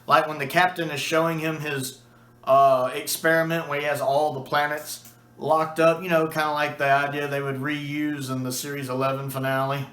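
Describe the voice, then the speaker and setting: A man's voice: a little high, little pitch movement, moderate pace, fairly bright tone, reverberant. A man chatting casually and enthusiastically as a video reviewer, with a few restarts and fillers. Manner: enthusiastic, acts out quoted lines.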